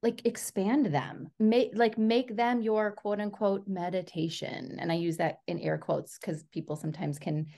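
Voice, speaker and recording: Woman, education researcher as interview guest; gravelly, earnest, filler-heavy delivery. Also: medium pitch, a little slow, few pauses. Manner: animated storyteller. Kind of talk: casual interview conversation.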